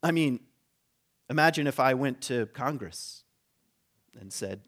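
Speaking a little slowly at a medium pitch, this preacher delivers a conversational sermon built around a humorous story. His storytelling is animated, and he briefly voices the characters' quoted lines for laughs.

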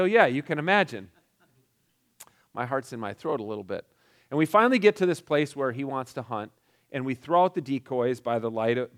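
A middle-aged man telling a personal story in a casual, halting way, with frequent restarts and filler words. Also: mid-range voice.

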